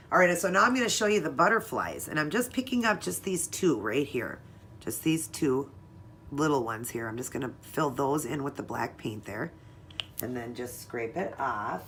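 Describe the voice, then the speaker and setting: A woman's voice: very deep voice, a bit bright, a little hiss or hum. A woman narrating a casual step-by-step nail art tutorial, chatting to viewers as she works. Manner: chatty, talks to viewers while working.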